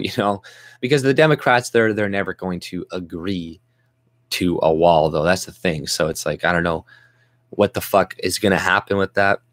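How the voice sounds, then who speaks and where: A man's voice: low-pitched, dry recording. A man hosting his own livestream, ranting in a rambling, profane, agitated way. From Canada. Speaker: vlog host. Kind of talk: livestream rant.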